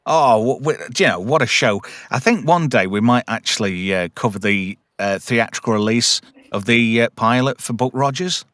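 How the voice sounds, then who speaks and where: A man's voice: medium pitch, normal speed, hardly any pauses, fairly bright tone, no echo, studio quality. A man hosting a casual film review chat, animatedly retelling scenes and humming theme tunes. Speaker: podcast host.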